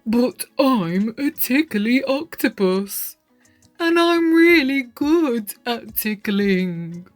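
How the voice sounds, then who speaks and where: A woman voicing an eager, good-natured young male octopus in a children's picture-book reading, with loud, bright exclamations. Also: on the high side, big pitch swings, very slow, faint music behind, full character voice. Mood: earnest.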